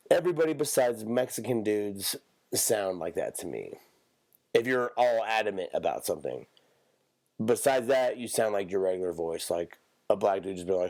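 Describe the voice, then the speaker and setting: A man's voice: on the low side, normal speed, darkish tone, no room sound. A man hosting a podcast, talking in a rambling, profane, off-the-cuff comedic monologue. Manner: rambling, profane, self-interrupting. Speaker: podcast host.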